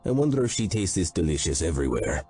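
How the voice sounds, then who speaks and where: A threatening Russian mob underboss taunts with a Russian accent, as a man narrating an audiobook puts him on. The voice sits very deep and husky, nudged a little higher than the narrator's own. Faint music plays behind. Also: very animated, fast, mellow, full character voice. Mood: taunting.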